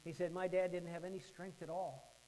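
A pastor with a high voice tells a story in a sermon, dropping to a hush and then rising loud. A faint hum runs underneath. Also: male voice, little pitch movement, fairly quick, poor audio. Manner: dramatic storytelling, swings from hushed to loud.

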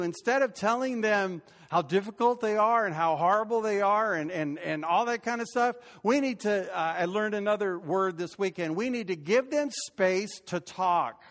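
An older man preaching a sermon as pastor, conversational and rising to emphatic peaks. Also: high voice. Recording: long hall reverb.

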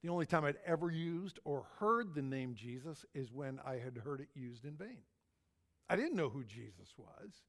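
Folksy storytelling preacher man, higher voice. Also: animated, normal speed. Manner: folksy, anecdotal, repeats phrases. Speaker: pastor. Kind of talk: sermon storytelling.

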